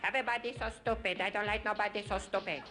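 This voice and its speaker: A comedian playing a timid foreign man with a thick put-on accent, speaking halting, broken English on stage. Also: high voice, fairly even intonation, over music, lightly acted. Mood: sheepish. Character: timid foreign man doing clumsy impressions.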